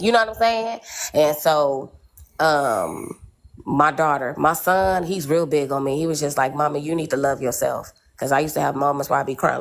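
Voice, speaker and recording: A woman's voice: low voice, moderate pace. A middle-aged woman on a podcast panel, speaking candidly in casual, slangy chat. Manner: candid, storytelling, slangy, repeats "you know what I'm saying".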